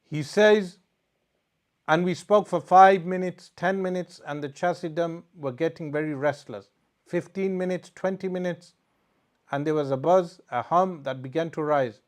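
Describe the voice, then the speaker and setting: A male religious scholar lecturing a live audience, his voice sitting a bit higher than most men's. He talks emphatically, stacking rhetorical questions as he retells a story. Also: unhurried. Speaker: Islamic scholar and speaker.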